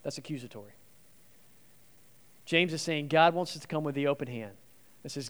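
Animated guest preacher, slightly high voice. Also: male voice, moderate pace. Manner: animated, swinging between loud emphasis and soft near-whispers. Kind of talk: sermon.

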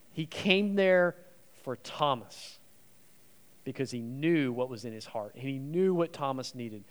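Male guest preacher, lightly raised pitch, dynamic sermon delivery with loud and hushed moments. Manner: animated, swinging between loud emphasis and soft near-whispers.

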